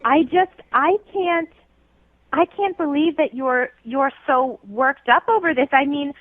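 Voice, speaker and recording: A flustered woman speaks over a tinny phone line in a high voice. She talks slowly, restarting and stumbling as she apologizes. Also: no room sound.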